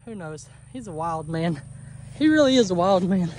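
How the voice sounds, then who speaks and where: A woman's voice: lowish voice, lively intonation, normal speed. A woman vlogging from her homestead pasture, chatting casually and talking fondly to her cattle. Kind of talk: casual farm vlog narration. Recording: outdoor recording with loud engine noise.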